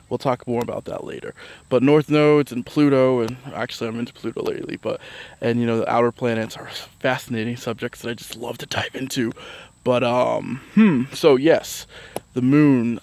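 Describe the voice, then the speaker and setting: A man's voice: medium pitch, creaky, a little mellow, dry recording. Rambling, chatty male vlogger, dry sound. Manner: rambling, chatty, many fillers and restarts; bursts into laughter between points. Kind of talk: casual astrology chat.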